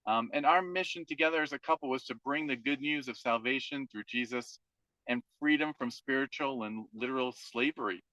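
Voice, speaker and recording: A man in his forties from New Hampshire gives an earnest testimony over a video call. His voice is bright and forceful, and he piles up repeated phrases. The audio is slightly dull and dry. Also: mid-range voice, no echo. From New Hampshire, USA. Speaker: team member and guest speaker, teacher and father.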